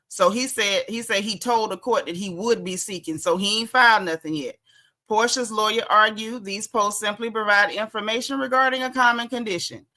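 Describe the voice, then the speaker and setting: A woman's voice: medium pitch, sharp tone. A woman hosting a casual gossip commentary show, chatty and sassy, laughing and reading blog posts aloud with her own asides. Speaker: host.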